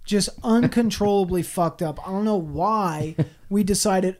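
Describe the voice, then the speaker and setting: A man in his late twenties, a podcast co-host, telling a story in animated, profane casual chat. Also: high-pitched, a little slow. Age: late 20s.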